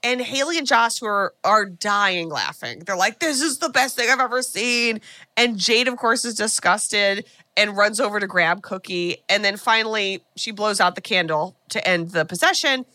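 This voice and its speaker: A woman podcast co-host with a bright, crisp voice, recapping a film in a lively casual chat. She talks fast and loose, full of "like" and side remarks, and the sound is close and dry. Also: medium pitch, dry recording. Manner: animated, chatty, full of "like" and quick asides.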